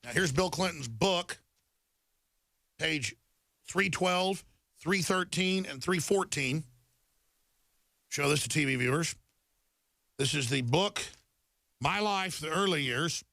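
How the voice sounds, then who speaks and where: A man's voice: fairly high pitch, lively intonation, slow pace, creaky, pauses often, bright, forceful tone, no room sound. A middle-aged man hosting a talk show, delivering a heated, repetitive monologue to viewers while reading headlines.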